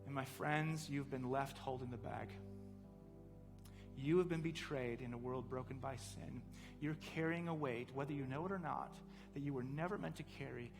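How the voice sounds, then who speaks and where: A pastor preaching a sermon, telling a story earnestly and building to fervent emphasis. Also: male voice, mid-range voice, moderate pace, gravelly, long reverb tail, over music.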